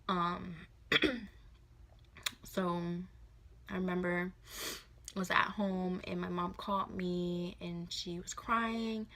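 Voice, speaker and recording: A woman in her twenties telling a personal story to her phone camera, soft and halting with many fillers. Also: fairly low pitch. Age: 20s. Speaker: vlogger.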